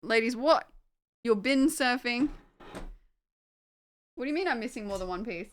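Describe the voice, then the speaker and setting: A woman's voice: fairly high pitch, animated, normal speed. A young woman casually chatting on a livestream at home, distracted by her dogs, swearing and laughing.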